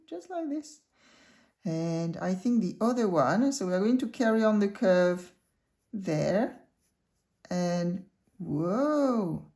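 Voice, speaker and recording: Woman drawing teacher, chatty step-by-step tutorial delivery, slightly low voice. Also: darkish tone. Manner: chatty, talks the viewer through each stroke.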